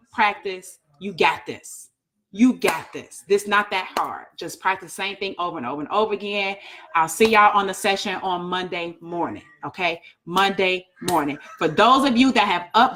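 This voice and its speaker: Bright, emphatic woman trading coach. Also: fairly high pitch. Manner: upbeat, emphatic, keeps checking in with okay. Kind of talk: live online trading class wrap-up.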